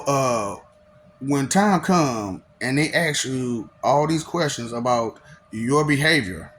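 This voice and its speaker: A man's voice: medium pitch, a bit bright, a little hiss or hum. A man delivering a taunting, slangy monologue, laughing often between lines.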